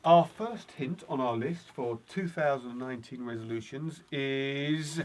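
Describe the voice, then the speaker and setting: A man's voice: medium pitch, a little slow. A man co-hosting a casual podcast, a language teacher who explains at length and makes dry jokes. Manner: dry joking, rambling explanations. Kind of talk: casual chat.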